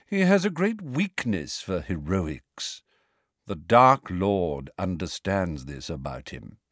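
A man voicing a cold, aristocratic male villain who speaks in a soft drawl. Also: sits low, sing-song, slow pace, no echo, clean studio sound, full character voice. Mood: cold menacing.

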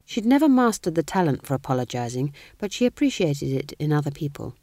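A woman reads a story aloud in a low voice with a lively, wide-ranging pitch. She takes her time over every phrase, measured and expressive. The recording is dry and close. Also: no echo. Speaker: audiobook narrator. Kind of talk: storybook narration.

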